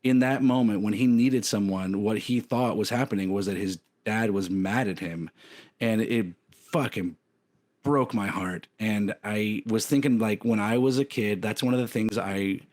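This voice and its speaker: A man's voice: on the low side, normal speed, a little mellow. A man in his thirties co-hosting a podcast, talking candidly in a rambling way, full of fillers and restarts. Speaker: podcast co-host. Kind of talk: casual chat.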